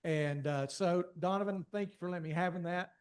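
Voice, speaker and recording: Southern man, church staffer, warm informal thanks, on the higher side. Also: fairly quick, smooth. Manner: folksy, heartfelt, rambling with many fillers. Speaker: church communications staff member. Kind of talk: informal thank-you speech to a church class.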